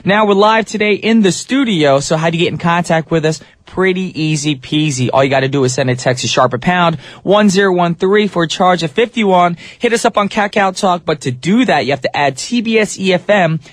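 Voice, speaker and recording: A man's voice: sits high, fairly quick, hardly any pauses, no echo. A man hosting a morning radio show from a studio, upbeat and chatty with casual slang. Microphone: studio microphone.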